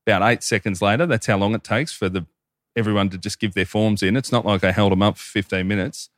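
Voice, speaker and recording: Man, 30s, crude storyteller, low-ish voice, dry close sound. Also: quick pace, dry recording. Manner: crude, profane anecdote-telling with lively put-on quotes. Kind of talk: casual chat, storytelling.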